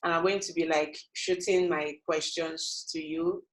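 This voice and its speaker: A woman's voice: low voice, steady tone, unhurried, low-quality recording. A woman from Nigeria hosting an online interview on a video call, friendly and teasing. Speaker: interview host.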